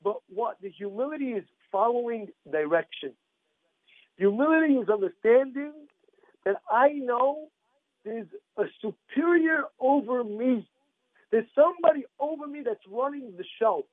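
Animated high-voiced man preaching. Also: normal speed, no room sound. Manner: animated, repetitive, acts out story voices. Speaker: rabbi giving a Torah class. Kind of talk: storytelling sermon. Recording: dry, phone-like narrow sound.

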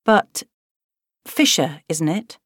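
An anxious, methodical young woman, voiced by a female narrator, flustered and pleading. Her voice is low and the reading dry and close, like an audiobook. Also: takes it slowly, husky, no room sound, full character voice.

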